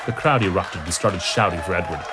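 A man narrating a story in an expressive reading voice. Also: low voice, fairly quick, over a noisy crowd. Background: background music.

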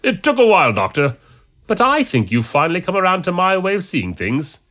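A boastful, greedy monk, voiced by a man reading the story aloud. He sounds gleeful and loud with animated swings in pitch. It comes across as an amateur audiobook reading. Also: fairly quick, heavily acted.

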